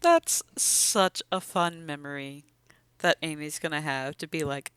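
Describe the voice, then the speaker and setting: Bright, smooth podcast co-host. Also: mid-range voice, unhurried, no echo. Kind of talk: casual chat.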